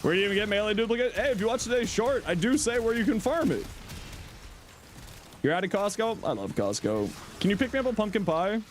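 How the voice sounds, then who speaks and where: A man's voice: high voice, sing-song, fast, a little hiss or hum. A middle-aged man chatting casually on his livestream, answering chat in a playful, teasing way and laughing often.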